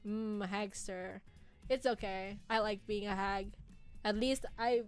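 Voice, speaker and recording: A woman's voice: medium pitch, fairly even intonation, slow pace, smooth, faint music behind. A woman in her twenties chatting casually on a live stream with her viewers, laughing often. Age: 20s.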